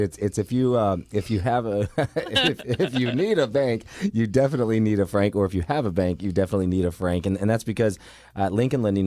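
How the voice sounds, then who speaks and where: A man's voice: low voice, warm tone, no room sound. A man who runs a mortgage company, speaking as a guest in a radio studio in an easygoing way, often repeating words as he starts. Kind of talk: casual radio interview.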